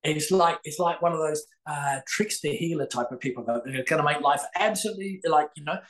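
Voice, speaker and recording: A man's voice: a little high, fairly quick, a bit bright, rough recording. Older man telling a story. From Australia. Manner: rambling, many fillers and restarts. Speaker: guest, psychic author. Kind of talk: storytelling in a podcast interview.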